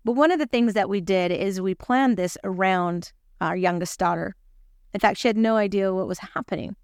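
Woman host, gospel lesson; chatty, self-deprecating storyteller, smooth voice, dry close sound. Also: mid-range voice, moderate pace, darkish tone, no room sound. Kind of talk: scripture lesson with personal storytelling.

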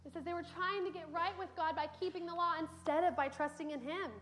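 Young woman preaching in church, pretty high voice, earnest and chatty. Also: steady tone, fast talker, a bit bright, a little hiss or hum. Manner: earnest storytelling with conversational fillers. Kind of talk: sermon. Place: church sanctuary.

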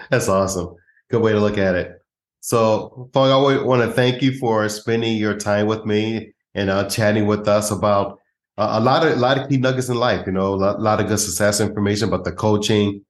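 A man's voice: on the low side, steady tone, normal speed. A man hosting a podcast, affirming his guest in friendly, rambling talk. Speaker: podcast host. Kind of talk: casual interview talk. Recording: echoey room.

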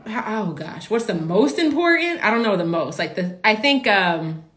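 A woman in a casual live stream speaks to her followers as a business coach, heartfelt and emotional. She circles back and repeats her points, peppering them with "like." Her voice sits at an ordinary pitch and carries a noticeable room echo. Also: big pitch swings, normal speed, a bit bright. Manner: emotional, repetitive, full of filler "like".

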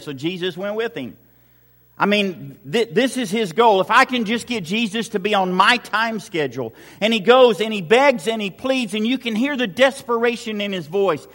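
High-voiced preacher in a reverberant hall. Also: male voice, fairly bright tone. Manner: rhetorical questions, emphatic and repetitive. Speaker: pastor. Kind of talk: sermon.

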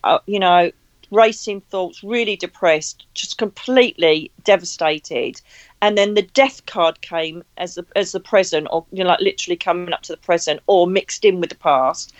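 A woman, a psychic medium, chatting with animated energy and laughing often as she tells stories. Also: mid-range voice, no echo. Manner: expressive storyteller, acts out quotes, laughs often. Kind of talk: animated casual chat.

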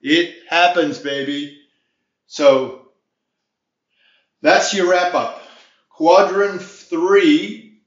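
A man's voice: a little high, drawn-out words, pauses often, fairly bright tone, reverberant, highs cut off. A man giving an informal video lesson on debt defense, emphatic and folksy, often wandering off on tangents.

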